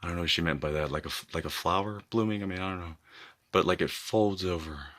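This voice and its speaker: A man's voice: sits low, quick pace, a bit bright. A man telling a casual story in a rambling, incredulous way, full of fillers and swearing.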